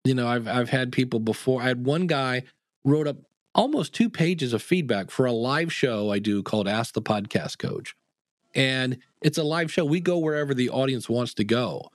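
A man, a podcast coach, answering interview questions in an animated way, acting out the people he quotes. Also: mid-range voice, normal speed, dry recording, studio quality.

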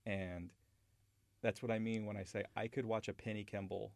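A man with a lowish voice hosts a casual film chat, rambling and enthusiastic and often restarting his sentences. The sound is dry and close, with no room around it. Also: little pitch movement, normal speed, gravelly, no echo. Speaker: podcast host.

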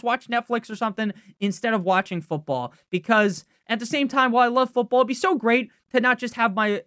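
A man's voice: high voice, dry recording. Profane, ranting young man, dry sound. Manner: frustrated, profane, rambling rant with sudden loud outbursts. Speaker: fantasy football podcast host. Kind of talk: casual ranting podcast talk.

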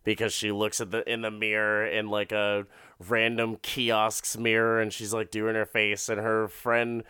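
A man's voice: on the low side, completely flat delivery, measured pace, sharp tone, clean tone, no echo, clean studio sound. A man casually retelling a movie plot in a profane, rambling way, often laughing. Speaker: film recapper.

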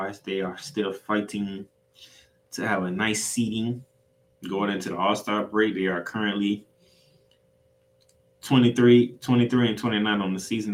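A man hosting his own sports podcast, recapping games in a solo monologue with an emphatic, excitable, casual slangy delivery and free swearing. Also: fairly low pitch, rough recording.

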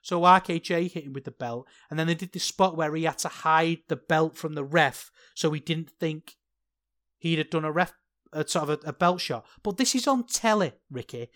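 A man hosting a solo podcast, talking in an animated, ranting way that swings from worked-up to sheepish. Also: fairly high pitch, moderate pace. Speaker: podcast host.

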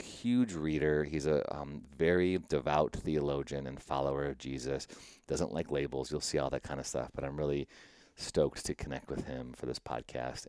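A man's voice: extremely low pitch, a little mellow, no echo. A man from the Chicago area hosting a casual podcast, telling stories animatedly and laughing often. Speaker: podcast host.

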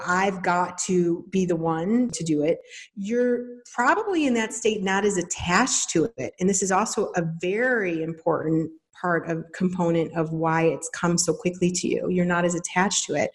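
A woman in her thirties hosting a podcast, talking casually and animatedly, acting out little quoted voices as she explains. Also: medium pitch. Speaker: podcast host. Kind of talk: casual teaching monologue.

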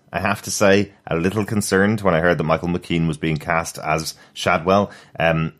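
A man co-hosting a casual podcast, chatty and laughing often as he discusses a TV episode. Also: deep voice. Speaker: podcast co-host.

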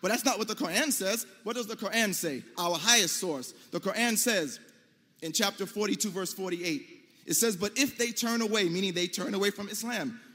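Slightly fast, forceful and emphatic, the American debater argues in a high voice that sometimes climbs to near-shouting, and a large hall stretches each phrase into a long reverb.

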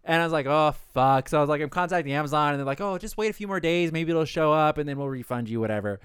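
A man's voice: a little high, fast, a bit bright, smooth, dry recording, clean studio sound. A young man co-hosting a podcast in casual chat, rambling through a story, swearing freely and acting out what people said. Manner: rambling storyteller, swears a lot, acts out dialogue. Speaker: podcast co-host.

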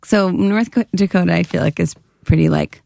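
A woman in her thirties, guest-hosting a casual chat, playful and quick to laugh as she tries out comic accents. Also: fairly low pitch, creaky, mellow. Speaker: guest host.

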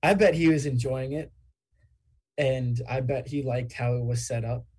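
A man's voice: mid-range voice, fairly even intonation, moderate pace, darkish tone, breathy edge. A young man on a podcast, talking things over in a reflective, rambling way with lots of fillers. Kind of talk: casual podcast chat.

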